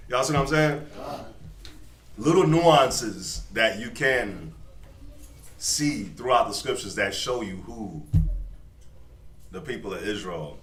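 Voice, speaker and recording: A man leading a Bible study, explaining scripture in a relaxed, slangy way and laughing often. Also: medium pitch, slow, long pauses. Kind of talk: casual Bible study commentary. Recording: echoey room, far from mic, faint noise.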